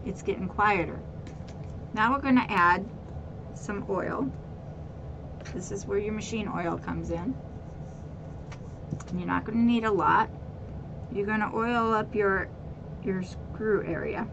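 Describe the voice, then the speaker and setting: A woman walks viewers through a craft task in a relaxed, chatty way, often repeating words and adding fillers. Her voice sits at an ordinary middle pitch. The home recording carries clearly audible background noise. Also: unhurried, pauses often. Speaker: craft tutorial host. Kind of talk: casual how-to demonstration.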